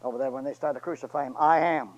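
A man preaching a sermon in church, swinging from loud shouts to near whispers, with joking asides to the congregation. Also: mid-range voice, fairly even intonation, fast, muffled recording. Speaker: pastor. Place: church sanctuary.

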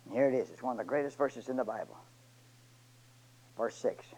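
A man preaching a sermon in church, swinging from loud shouts to near whispers, with joking asides to the congregation. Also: mid-range voice, expressive, a little fast, long pauses, breathy edge, rough recording. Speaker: pastor. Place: church sanctuary.

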